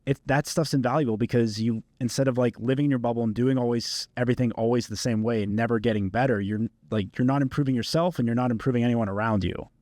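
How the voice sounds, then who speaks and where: A man's voice: medium pitch, steady tone, fast, hardly any pauses, darkish tone, no room sound. A man hosting a podcast, chatting in a friendly, reflective way with loose phrasing. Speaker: podcast host. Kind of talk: casual podcast chat.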